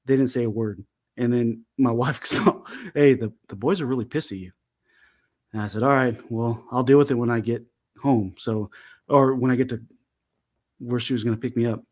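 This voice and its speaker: A middle-aged man telling a long, profane family story in a casual chat, animated and laughing. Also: medium pitch, moderate pace. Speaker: co-host.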